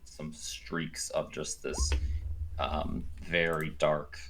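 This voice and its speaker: A man's voice: very deep voice, level tone, extremely slow, a bit bright, slight background noise. A man narrating as game master of a tabletop game, hesitant and full of fillers.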